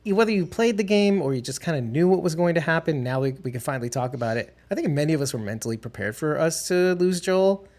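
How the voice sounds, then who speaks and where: A man's voice: on the high side, expressive, quick pace, few pauses, a little mellow. A man hosting a casual podcast, rambling and correcting himself as he goes and laughing often. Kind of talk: casual chat.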